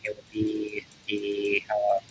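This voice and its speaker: Lowish guy just chatting on his art stream, kinda rambly, lots of uh and um. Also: completely flat delivery, slight background noise, rough recording. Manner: rambling, halting with many fillers. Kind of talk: casual live-stream chat while drawing.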